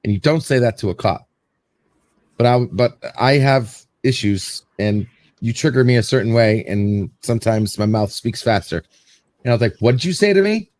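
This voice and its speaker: A man's voice: on the low side, normal speed, a little mellow, no room sound, clean studio sound. A man hosting a casual show, telling a story in a rambling way and acting out what people said. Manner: rambling storyteller, repeats words, acts out quotes. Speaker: show host.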